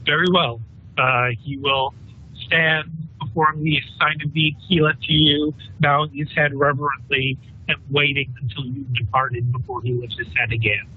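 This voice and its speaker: A man's voice: mid-range voice, little pitch movement, moderate pace, slightly rough. A man running a tabletop game as game master, narrating in a loose, chatty way over a tinny voice-chat line.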